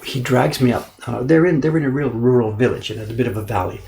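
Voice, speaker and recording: Gravelly-voiced man telling a story. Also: medium pitch, quick pace. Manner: animated anecdote-telling, acts out quoted voices, repeats words for emphasis. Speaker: printmaker and livestream host. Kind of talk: casual storytelling on a livestream. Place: indoor workshop.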